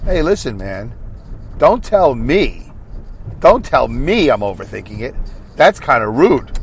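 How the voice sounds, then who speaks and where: A man's voice: mid-range voice, sing-song, unhurried, gravelly, long pauses. A man hosting his podcast alone, rambling through a monologue full of fillers and restarts while he drives. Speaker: podcast host. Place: car driving on a highway. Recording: faint road noise in a moving car.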